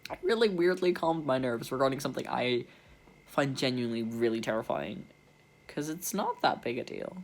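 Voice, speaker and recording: Candid young vlogger, rambling nervous laughs. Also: male voice, medium pitch, expressive, moderate pace. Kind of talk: candid personal vlog.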